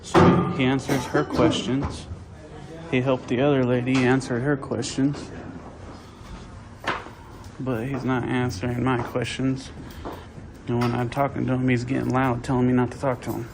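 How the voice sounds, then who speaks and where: A man's voice: medium pitch, flat delivery, moderate pace, creaky, pauses often, background noise. A man talking to his own camera, indignant and complaining as he films a dispute. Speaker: video-recording visitor. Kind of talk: self-narrated confrontation vlog.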